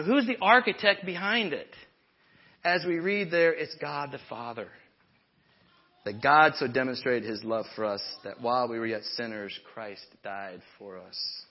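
A man's voice: a little high, highs cut off. A man preaching a sermon in a conversational way, with humorous asides to his congregation. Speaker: pastor.

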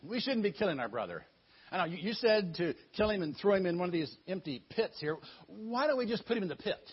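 Brief: calm, persuasive eldest brother, husky, muffled, voiced by a male storyteller. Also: sits high, quick pace, full character voice. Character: reasonable eldest brother urging mercy. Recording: muffled lo-fi recording.

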